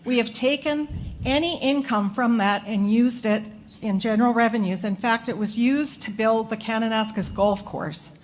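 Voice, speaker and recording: An older woman from Alberta speaks at a town hall in a firm, matter-of-fact way. Her voice is fairly high. Faint room noise sits behind her. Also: normal speed. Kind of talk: public comment at a town hall.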